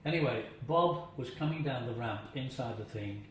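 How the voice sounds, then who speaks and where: A man's voice: mid-range voice, moderate pace. An older man being interviewed, telling chatty anecdotes about his acting days, chuckling and now and then imitating voices. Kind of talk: anecdotal reminiscing. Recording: very echoey room, faint hiss.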